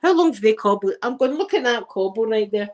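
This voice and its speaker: A middle-aged woman from Glasgow, Scotland, hosts her channel with casual, rambling storytelling and frequent laughter. Her Glaswegian-accented voice is on the high side, expressive, a little fast, and a little mellow.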